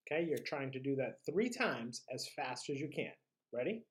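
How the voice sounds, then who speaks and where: A teacher leading a drama class through vocal warm-ups and tongue twisters. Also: medium pitch, animated, measured pace.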